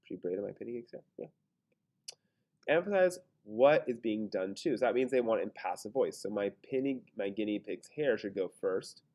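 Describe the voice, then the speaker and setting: A man's voice: fairly low pitch, animated, normal speed, a little mellow. Casual man thinking aloud through a lesson. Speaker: teacher. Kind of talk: screen-recorded grammar lesson.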